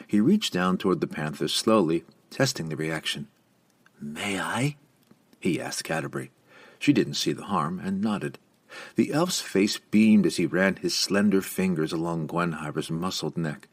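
A man with a low, slightly husky voice reads a fantasy novel aloud. His delivery is expressive, with a lively, rolling melody. It is a steady, scripted audiobook narration. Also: normal speed. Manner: expressive storytelling with lively inflection.

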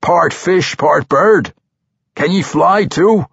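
A man voicing a gruff, joking male dwarf warrior who talks in a folksy dialect. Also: a little high, slow, a bit bright, no room sound, muffled recording, pitched above the performer's own voice, exaggerated voice. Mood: teasing.

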